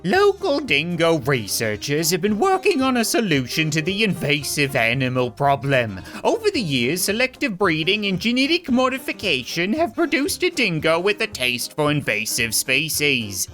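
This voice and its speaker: Grave documentary narrator with a botched Australian accent, put on by a man, slow theatrical delivery, lively ups and downs. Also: on the high side, soft background music. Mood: mock solemn. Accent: bad fake Australian accent. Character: mock nature-documentary narrator, male, grave.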